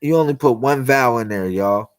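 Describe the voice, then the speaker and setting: A young livestream host preaches to viewers about God and miracles in a loose, repetitive, slangy spiritual monologue. He speaks fairly quickly in a medium-pitched voice, with no room sound.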